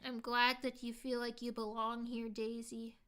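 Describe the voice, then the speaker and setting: Bright-voiced woman streamer chatting with viewers. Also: fairly high pitch, monotone, moderate pace, clean tone. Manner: reads viewer comments aloud and answers them, heavy use of "like"; earnest, heartfelt. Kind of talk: casual live-stream chat.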